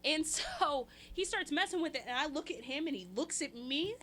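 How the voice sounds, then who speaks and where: A young woman spins a funny story as a podcast guest, chatty and full of laughs, jumping into little voices for everyone in it. Her voice sits a touch high and rings bright and clear, with a soft hiss faintly behind her. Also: normal speed. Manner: animated, acts out quotes with shifting voices. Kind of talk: casual storytelling.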